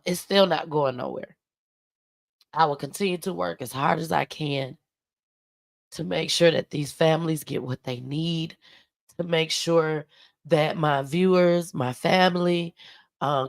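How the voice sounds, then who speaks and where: A woman with a low, gravelly voice talks straight to her livestream viewers. She sounds emotional and close to tears, warm in her words, and keeps calling them y'all and baby. The sound is dry and close. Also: dry recording. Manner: tearful, heartfelt, addresses viewers as y'all and baby. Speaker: livestream host.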